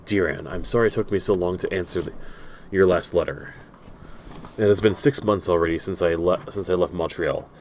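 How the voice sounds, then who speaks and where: Low-voiced man reading game letters aloud. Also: brisk, a little hiss or hum. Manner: stumbling, self-correcting reading with dry asides. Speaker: game streamer.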